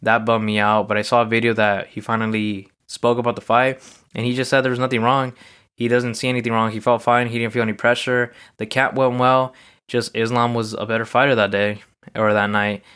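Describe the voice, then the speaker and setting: A man's voice: medium pitch, little pitch movement, a little fast, fairly bright tone, smooth. A man hosting a podcast, telling a loose, rambling personal story in a casual solo monologue, full of fillers. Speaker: podcast host.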